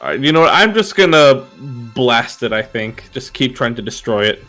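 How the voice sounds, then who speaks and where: A young man playing in a tabletop game, with a middle-pitched voice and a hesitant, self-mocking way of talking. He thinks out loud over faint background music. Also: big pitch swings, moderate pace. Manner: hesitant, laughs at himself. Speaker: player. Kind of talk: casual tabletop game chat.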